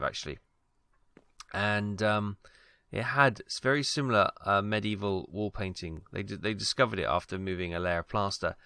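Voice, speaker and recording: Gravelly, rambling British let's-play host. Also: male voice, sits low, bright, forceful tone, no echo. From Wales. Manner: rambling, hesitant, many ums and asides. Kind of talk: casual gameplay commentary.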